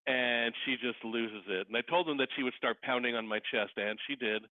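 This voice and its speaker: A man speaks as a guest over a thin, phone-like line with a dry, close sound. He tells his stories with lively energy and acts out the voices of the people in them. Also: mid-range voice, a little fast, no room sound. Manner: lively storyteller who acts out quoted voices. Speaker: guest, wedding officiant and celebrity impersonator. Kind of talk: casual interview storytelling.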